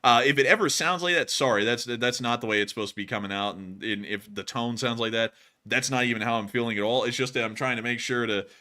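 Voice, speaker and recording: A man's voice: mid-range voice, fast, sharp tone. A young man co-hosting a live stream, answering a viewer in a rambling way with many fillers and restarts. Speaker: co-host.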